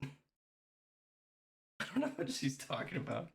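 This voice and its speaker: A man's voice: a little high, wildly swooping pitch, slow pace, gravelly, pauses often, slightly rough. A man streaming, chatting casually with viewers in a playful way and laughing often. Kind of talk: casual chat.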